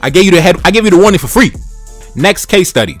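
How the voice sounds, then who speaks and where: A man's voice: high voice, big pitch swings, quick pace, dry recording, faint music behind. A man in his twenties giving blunt, slangy reaction commentary, repeating phrases for emphasis. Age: 20s. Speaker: YouTube commentator.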